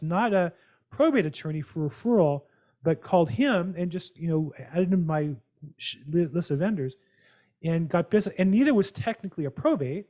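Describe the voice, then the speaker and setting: Animated man telling rambling stories. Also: on the high side. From United States. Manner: animated, rambling anecdotes with many restarts. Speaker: host of a real estate mastermind call. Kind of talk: casual storytelling on a video call. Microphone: video call.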